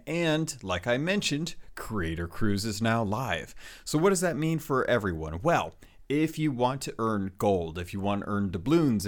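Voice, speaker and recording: A man with a somewhat deep voice hosts a relaxed gaming podcast. He leans into playful pirate lingo before settling into easygoing, rambling chat with occasional fillers. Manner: hammy pirate-talk greetings, then relaxed rambling with fillers. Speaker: podcast host.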